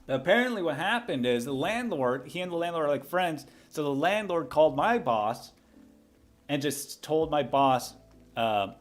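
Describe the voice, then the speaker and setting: A man's voice: a little high, expressive, normal speed, soft background music. A young man casually telling a long story on a livestream, rambling with frequent restarts and asides. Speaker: livestream host.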